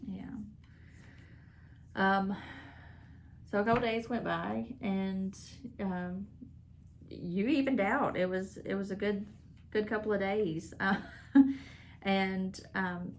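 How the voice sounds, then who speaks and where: A woman telling her family's hospital story in a casual sit-down, halting and full of fillers and restarts. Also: mid-range voice, a little hiss or hum.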